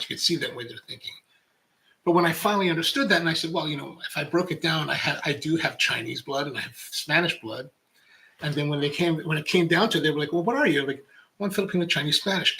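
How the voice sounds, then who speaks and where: A man's voice: a little high, vocal fry, bright, forceful tone, rough recording. A middle-aged man hosting a coffee livestream, chatting in a rambling, reflective way with many restarts. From United States. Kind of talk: casual livestream chat.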